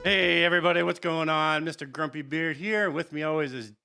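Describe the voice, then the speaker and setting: A man's voice: on the high side, steady tone, a little fast, gravelly, music in the background. A man hosting a casual podcast, ranting sarcastically with lots of swearing. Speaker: podcast host.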